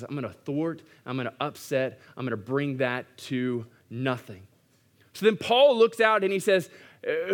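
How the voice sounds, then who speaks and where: A man preaching from the pulpit in a voice pitched a little above the usual for men. He is animated, dropping into quiet asides and then climbing to loud, emphatic lines. His tone stays conversational, direct and earnest. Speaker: pastor. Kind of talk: sermon.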